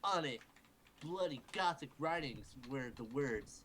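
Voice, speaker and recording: A man's voice: on the high side, big pitch swings, unhurried, background noise. Man reading aloud with mock drama. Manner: mock-dramatic, breaks off to joke and swear. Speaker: group reader. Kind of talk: comic reading aloud of fan fiction. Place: home recording for a livestream.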